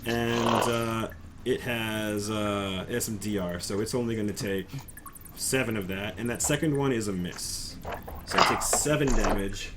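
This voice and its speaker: A man's voice: fairly low pitch, a little slow. Guy game master narrating a tabletop session, chuckly and casual, hissy background noise. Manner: casual, chuckling, with frequent restarts.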